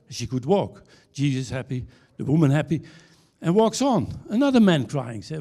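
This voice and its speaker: A man's voice: a little high, sing-song, vocal fry, mellow. A man giving a conference keynote. He tells anecdotes, restarts his sentences and ends on punchlines. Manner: anecdotal storyteller with halting restarts, ending on punchlines. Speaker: keynote speaker. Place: conference stage.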